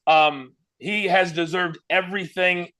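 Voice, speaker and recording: A little slow and high-pitched, this former wrestling broadcaster from Kansas tells stories in a casual interview. He's an animated narrator who acts out the quotes.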